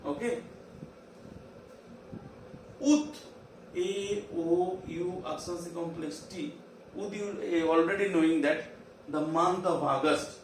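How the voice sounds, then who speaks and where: A high-voiced man with an Indian English accent leads a virtual class, slowly drilling each term over and over. He sits well away from the mic, so the room rings with echo under a faint hiss. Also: steady tone, distant mic. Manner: slow, repetitive drilling of terms. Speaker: teacher.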